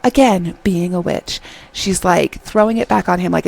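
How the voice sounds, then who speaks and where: A woman's voice: fairly low pitch, normal speed, vocal fry, darkish tone, poor audio. A middle-aged woman reviewing a drama in casual chat, retelling scenes and quoting the characters.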